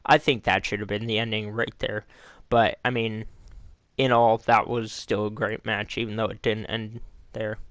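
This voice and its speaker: A man's voice: on the low side, level tone, moderate pace, a bit bright, no echo, studio quality. A man giving a casual, rambling recap of a wrestling show, often stopping to correct himself. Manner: rambling, self-correcting, loose and informal. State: hiccups.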